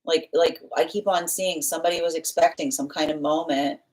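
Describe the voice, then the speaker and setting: A woman with a fairly low voice gives a live tarot reading to her viewers. She rambles in long run-on sentences packed with fillers and restarts, and she slips into the voices of the people she describes. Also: fairly even intonation, a little fast, a little mellow, a little hiss or hum. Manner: rambling, many fillers and restarts, acts out what others say. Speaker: tarot reader.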